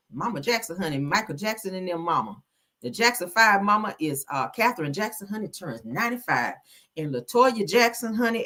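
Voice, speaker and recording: A woman's voice: mid-range voice, pushed and bright. A woman hosting a gossip livestream, sassy and chatty, calling her viewers honey and child. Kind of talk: casual gossip commentary.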